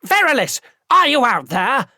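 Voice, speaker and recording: Male narrator as a booming elf chorus leader, thundering call, audiobook. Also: big pitch swings, measured pace, sharp tone, dry recording, clean studio sound, exaggerated voice. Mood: commanding.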